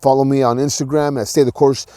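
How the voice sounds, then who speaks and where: Rambling male podcast host with a dark voice. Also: mid-range voice, level tone, quick pace, no echo. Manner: rambling, with frequent restarts and filler words; earnest and encouraging. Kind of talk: casual solo monologue.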